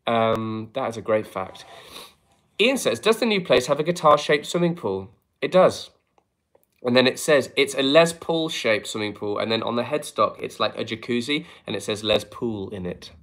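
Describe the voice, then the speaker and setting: A man's voice: medium pitch, expressive, moderate pace, fairly bright tone. Dry-joking man reading comments. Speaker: musician hosting a live stream. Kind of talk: casual chat reading viewer comments. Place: home flat, indoors.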